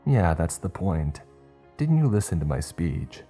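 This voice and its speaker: A man's voice: deep voice, very animated, unhurried, dark tone, husky, soft background music, full character voice. A man voicing a vain, chatty cult witch who shrieks and hisses at children. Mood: scornful. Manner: hissing, indignant, rambling.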